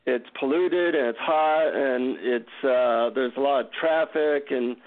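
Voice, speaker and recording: A man telling a humorous personal story in an animated way as a guest on a radio interview, heard over a tinny phone line. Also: medium pitch, measured pace. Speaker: guest author.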